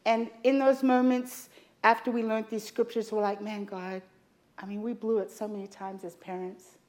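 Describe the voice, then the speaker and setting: A middle-aged woman delivers a sermon to a church congregation at a mid pitch. She tells stories from her own life with a humorous, confiding touch, mixing lessons with laughter. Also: little pitch movement, moderate pace, a little mellow. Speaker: preacher.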